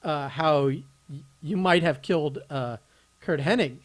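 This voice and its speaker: A man's voice: on the high side, measured pace. A man chatting casually on a podcast, hesitant and full of fillers as he reacts to a story. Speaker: podcast co-host.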